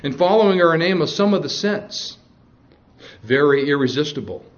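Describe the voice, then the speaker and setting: A man's voice: a little high, expressive, moderate pace, lo-fi sound. A male pastor preaching a sermon, reading scripture aloud and mixing jokes with stern warnings.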